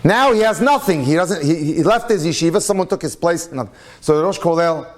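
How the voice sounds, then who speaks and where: A man's voice: on the high side, brisk. A man, a rabbi, telling a story during a presentation and acting out the people in it, with Hebrew and Yiddish religious terms mixed into his talk. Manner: animated storyteller who acts out the people in his stories. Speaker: rabbi and lecturer.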